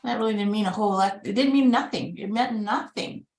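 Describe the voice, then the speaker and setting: A woman's voice: mid-range voice, brisk, a little mellow. Earnest woman from Canada telling her story. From Winnipeg, Manitoba, Canada. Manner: earnest and conversational, acting out remembered dialogue. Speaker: caregiver and organ donation advocate. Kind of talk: personal storytelling in a webinar. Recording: echoey room.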